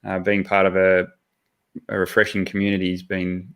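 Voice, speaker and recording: An Australian man with a lowish voice talks in a friendly, relaxed way on a live video call. He often stops and restarts his sentences. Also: moderate pace, clean tone. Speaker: guest. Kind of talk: casual chat.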